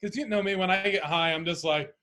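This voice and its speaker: High-pitched laughing man in casual chat. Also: fairly quick, pushed and bright. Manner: laughing, swearing, stumbles over words. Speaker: podcast co-host.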